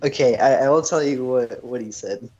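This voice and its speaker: A man's voice: mid-range voice, moderate pace, highs cut off, over music. Rambling young man telling a story. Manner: rambling storyteller, leans on "freaking". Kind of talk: casual chat.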